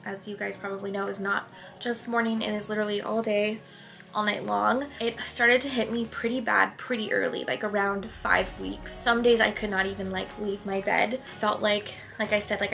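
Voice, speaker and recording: A young woman vlogs casually to camera in a medium-pitched, gravelly voice with a sharp tone. She's chatty and rambling, laughs often, and sounds a little out of breath.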